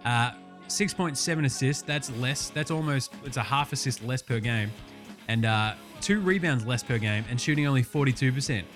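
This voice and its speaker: A man's voice: mid-range voice, normal speed, fairly bright tone, soft background music. An Australian man hosting a sports podcast, ranting casually with lots of swearing and heated outbursts. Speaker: podcast host.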